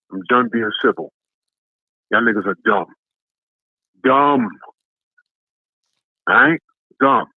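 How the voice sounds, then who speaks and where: A man's voice: low voice, slightly rough, dry recording. A tired man calling in, delivering an aggressive, repetitive, profane trash-talk rant. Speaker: caller. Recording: tinny phone line, dry.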